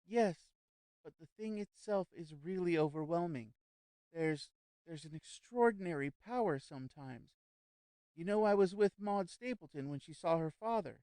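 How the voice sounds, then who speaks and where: A fretful high-society lady who stammers and repeats herself as she warns of danger, her voice lifted well above a man's usual pitch, as a male narrator puts her on. She talks in a smooth, clear tone with no room around it, like a storybook reading. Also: animated, normal speed, warm tone, no room sound, natural voice. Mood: anxious. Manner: nervous, hesitant, stammering repeats. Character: anxious fussy society lady hostess.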